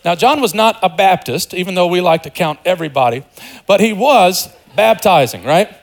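A pastor preaching a sermon in an animated, conversational way, joking with the congregation and dropping to a hushed voice for quieter passages. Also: male voice, high-pitched, normal speed, creaky. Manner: animated, swings between loud emphasis and hushed, softer passages.

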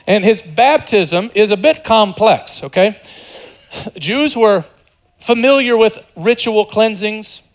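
Animated, fairly high-voiced man preaching. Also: takes it slowly. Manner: animated, swings between loud emphasis and hushed, softer passages; conversational and joking with the congregation. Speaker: pastor. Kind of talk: sermon.

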